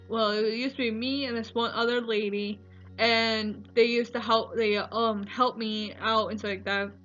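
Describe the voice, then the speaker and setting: A woman's voice: fairly high pitch, bright, forceful tone. A young adult woman vlogger telling a personal story in a chatty, rambling way, full of "like" fillers. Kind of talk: casual storytelling vlog. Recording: dull lo-fi recording with faint music.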